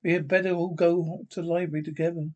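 A man's voice: fairly high pitch, flat delivery, quick pace, darkish tone, muffled recording, close to an everyday voice. A man voicing a terrified old female housekeeper in a spoken storybook reading, fretful and anxious. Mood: frightened.

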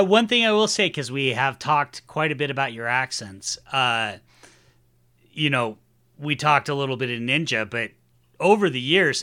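A man's voice: mid-range voice, bright, forceful tone. A man hosting a podcast, chatting casually with his guest, swearing freely and talking with enthusiasm. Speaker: podcast host.

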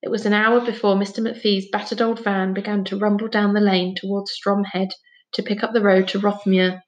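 A woman calmly narrating a children's novel aloud. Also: mid-range voice, a little fast, highs cut off. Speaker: storybook reader.

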